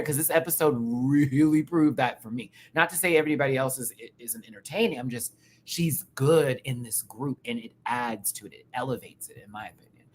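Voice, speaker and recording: A man reviews a show in a casual live stream, animated and campy, tossing in quick asides and laughter. He comes across as a little high.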